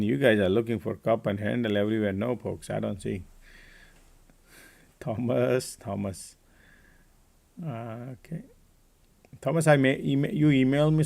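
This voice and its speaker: A man's voice: mid-range voice, creaky, darkish tone. A man hosting a live trading stream, giving casual market commentary and chatting with viewers by name.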